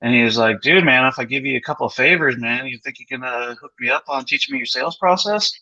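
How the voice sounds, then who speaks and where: A man's voice: medium pitch, lively intonation, fast, gravelly, bright, forceful tone, dry recording. A man guest on a call telling stories in a laid-back, slang-heavy way, full of "man" and "dude". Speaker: podcast guest. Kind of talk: casual storytelling. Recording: dry, dull lo-fi call audio.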